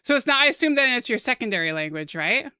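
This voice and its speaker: A young American woman streaming while she draws, chatting casually with her viewers in a soft-spoken, giggly way. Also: a little high, very animated, quick pace, smooth, dry recording, studio quality. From United States.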